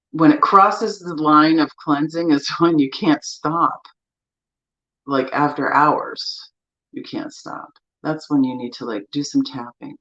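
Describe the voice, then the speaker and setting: A woman coaching listeners through grief with a gentle, soothing, encouraging manner and guided tapping. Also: low-pitched. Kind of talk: guided self-help talk with tapping. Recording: slightly dull lo-fi sound.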